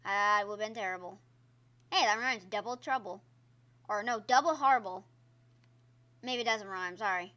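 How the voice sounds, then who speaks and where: A woman's voice: mid-range voice, moderate pace, pauses often, pushed and bright. A woman streamer giving casual gameplay commentary, chatty and exclaiming at the game while talking to her viewers. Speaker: gaming streamer. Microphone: own microphone.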